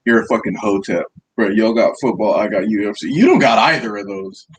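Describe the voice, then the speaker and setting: A man's voice: lowish voice, lively intonation, a little fast, background noise. A man co-hosting a podcast, trading crude, profane jokes and teasing his friend in casual banter. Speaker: podcast co-host.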